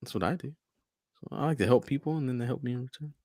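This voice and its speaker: A man co-hosting a casual podcast roundtable, animated and jokey, acting out quotes as he talks. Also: mid-range voice, quick pace, dry recording, studio quality. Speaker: podcast co-host.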